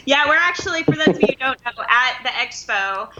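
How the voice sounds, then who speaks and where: A woman's voice: high-pitched, animated, a little fast, muffled recording, a loud crowd. A woman guest on a call-in show, chatting in an upbeat way and laughing often. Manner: giggly, upbeat. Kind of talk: casual chat.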